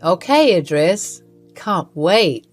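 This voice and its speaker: A woman's voice: fairly low pitch, very animated, slow pace, faint music behind, heavily acted. A woman voicing a smug, scheming middle-aged mother-in-law in a storybook narration. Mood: coy.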